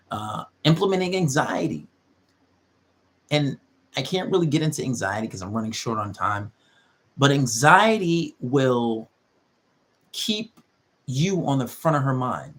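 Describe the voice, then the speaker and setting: A man's voice: mid-range voice, lively intonation, normal speed. Emphatic, repetitive man lecturing on relationships. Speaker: relationship advice host. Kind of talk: monologue giving advice.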